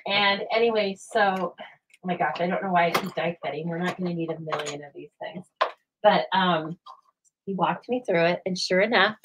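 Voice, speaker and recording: A woman's voice: lowish voice, moderate pace, slight background noise, poor audio. Chatty woman hosting a live craft demo. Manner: animated, rambling storyteller. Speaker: host of a live stamping show. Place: home craft room.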